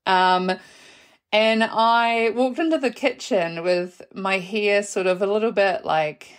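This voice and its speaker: A young adult woman, hosting her own podcast and telling a personal story in a chatty, animated way, laughing and swearing casually. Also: mid-range voice, slow pace, clear, resonant tone. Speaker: podcast host.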